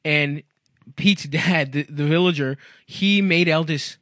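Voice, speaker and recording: Profane, laughing male host, bright, tense tone, dry sound. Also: a little high, slow, no echo. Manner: laughs a lot, blunt and profane. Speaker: podcast host. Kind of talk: casual comedic chat.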